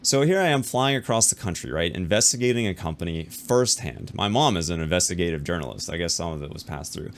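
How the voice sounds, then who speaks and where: This deep-voiced man addresses his viewers casually, recounting a business tale at a rapid clip. He keeps circling back and restarting phrases, and he impersonates the people in the story with lively energy.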